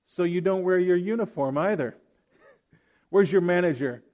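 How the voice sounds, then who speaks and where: A man's voice: high-pitched, measured pace, muffled recording, pitched above the performer's own voice. A man playing a rude, bossy woman shopper. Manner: indignant, bossy, accusing. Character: rude, demanding female shopper.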